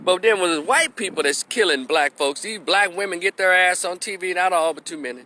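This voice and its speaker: A man's voice: sits high, brisk, few pauses, bright, forceful tone, slight background noise. A man ranting into the camera with his opinions, blunt, profane and mocking. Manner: blunt, profane and mocking, mimics people in exaggerated voices. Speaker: commentary vlogger.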